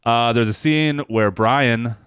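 A man's voice: medium pitch, measured pace, a bit bright, clean tone, no echo, studio quality. A man co-hosting a film podcast in casual chat, rambling, swearing freely and animatedly retelling scenes. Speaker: podcast co-host reviewing films.

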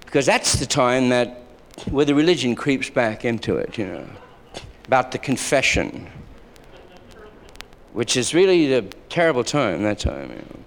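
A man's voice: mid-range voice, very animated, moderate pace, long pauses. A man performing a stand-up routine, telling profane, rambling stories and slipping into character voices. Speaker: stand-up comedian. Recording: archival live club recording with long reverb and faint hiss.

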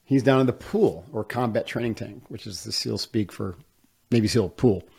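Gravelly-voiced man telling a story. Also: fairly low pitch, moderate pace. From upstate New York. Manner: animated storyteller, acts out quoted voices. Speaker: interview guest, former Navy SEAL. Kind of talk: casual storytelling.

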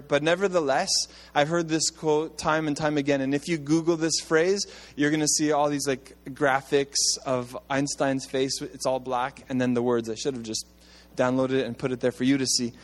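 A man preaching a sermon as pastor, conversational and animated, with asides to his congregation. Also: a little high, big-room sound.

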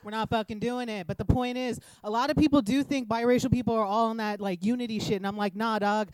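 A woman's voice: a little high, fairly even intonation, fast, a little mellow, no room sound, low-quality recording. Brash young female stand-up, profane and rambling, with a dry, close mic. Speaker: stand-up comedian. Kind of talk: stand-up comedy set. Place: comedy room with a live audience.

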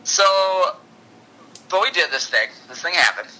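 A man's voice: high-pitched, expressive, pushed and bright, rough recording. A man co-hosting a podcast in casual chat, rambling and correcting himself as he goes. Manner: rambling, chatty, quick self-corrections. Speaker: podcast co-host.

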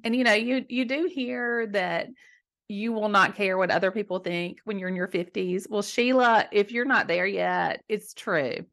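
A woman in her fifties with a Southern US accent, hosting a casual advice show and answering listener questions in an emphatic, chatty way with easy laughter. Her voice is a little hoarse today. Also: mid-range voice, a bit bright. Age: 50s.

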